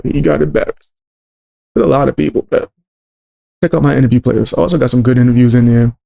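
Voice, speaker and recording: A man with a gravelly, fry-heavy voice hosts a stream. He talks offhand and slangy, in a mid-range pitch. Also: quick pace, dark tone. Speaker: host. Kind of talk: casual stream commentary.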